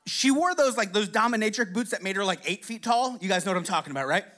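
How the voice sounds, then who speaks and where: A man spins a crude, rambling anecdote for a crowd, his pitch swinging up and down with lively energy. He keeps checking in with his listeners and chuckles between lines, loose and profane throughout. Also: fast talker. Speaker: storyteller. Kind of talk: casual profane storytelling to a live audience.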